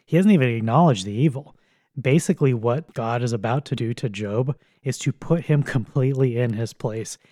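A man's voice: medium pitch, normal speed, warm tone, dry recording, clean studio sound. A man teaching on a Bible passage in a casual, conversational and blunt way, with occasional chuckles.

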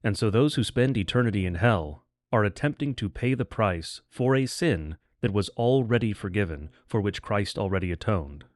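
A man with a fairly low voice speaks slowly and deliberately on a theology podcast, stressing his points. The sound is dry and close. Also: expressive, no room sound. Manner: measured, deliberate, emphatic.

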